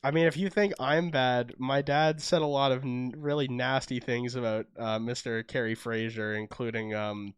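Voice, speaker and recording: A man's voice: medium pitch, normal speed, few pauses, clear, resonant tone, no echo, studio quality. A young Canadian man co-hosting a podcast, telling stories in casual chat and acting out the quotes. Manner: animated storytelling, acts out quotes. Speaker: podcast co-host.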